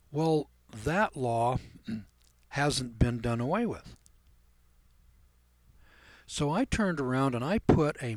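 A man telling a story to a class in a folksy way, clearing his throat often and acting out both sides of the dialogue. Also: medium pitch, no room sound. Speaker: seminar speaker telling a story. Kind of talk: storytelling lecture.

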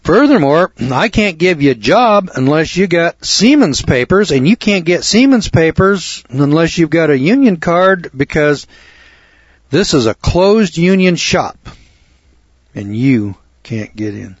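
Preachy man lecturing on law, husky. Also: a little high, animated, unhurried, dry recording. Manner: preachy, emphatic, repeats himself. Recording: dull lo-fi recording.

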